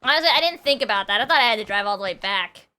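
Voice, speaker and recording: A woman's voice: mid-range voice, lively intonation, racing, slight background noise. A woman streaming a video game, chatting casually, reading chat aloud and mocking her own mistakes. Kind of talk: casual gameplay commentary. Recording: loud game music behind.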